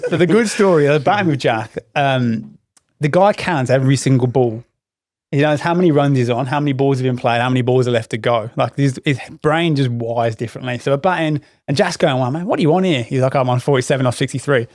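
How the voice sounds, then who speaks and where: A man with a Worcester English accent, a podcast host telling lively anecdotes with plenty of swearing. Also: medium pitch, a little fast, no echo, studio quality. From Worcester, England. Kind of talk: casual podcast storytelling.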